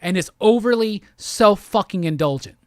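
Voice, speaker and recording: A man's voice: sits high, lively intonation, normal speed, no echo, studio quality. A man hosting a comic book show, giving a heated, profane review in a rant-style talk. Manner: heated, profane, repetitive ranting.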